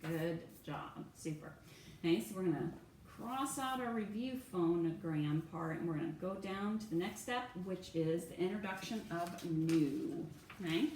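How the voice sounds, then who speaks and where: A woman teaching a one-on-one phonics lesson, patient and encouraging, saying words out slowly and clearly. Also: lowish voice, darkish tone. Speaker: reading teacher. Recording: echoey room, far from mic, faint hum.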